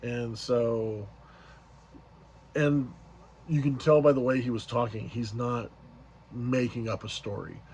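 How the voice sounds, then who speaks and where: A man's voice: medium pitch, fairly even intonation, slow, long pauses, darkish tone, breathy edge. A man casually retelling an event as a vlogger, rambling along with many fillers and restarts. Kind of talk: casual storytelling recap.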